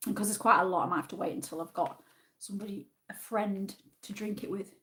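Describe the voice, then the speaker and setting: A woman with a northern English accent hosts a relaxed livestream, chatting freely and reading viewers' comments aloud. She talks in an easygoing, friendly way and answers viewers as if they were in the room with her. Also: mid-range voice, fast. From Yorkshire, England. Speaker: livestream host. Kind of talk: casual livestream chat with a quiz.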